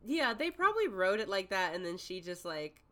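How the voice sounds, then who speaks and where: A woman's voice: medium pitch, very animated, moderate pace, fairly bright tone. A woman co-hosting a podcast, chatting with enthusiasm about a TV episode and laughing often. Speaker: podcast co-host. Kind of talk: casual chat recapping a TV episode.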